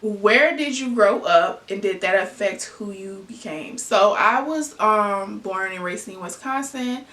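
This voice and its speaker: A woman's voice: medium pitch, a little slow, few pauses, sharp tone. A woman with a Southern US accent, chatting casually in a get-to-know-me vlog and answering her own questions with fillers and asides. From Southern US (Arkansas/Tennessee). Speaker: vlogger. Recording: echoey room, mic at a distance.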